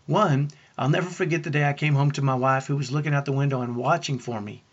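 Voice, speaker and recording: Husky-voiced man coaching parents. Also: mid-range voice, quick pace, muffled recording. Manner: earnest, uses rhetorical questions to the listener. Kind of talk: storytelling talk to parents.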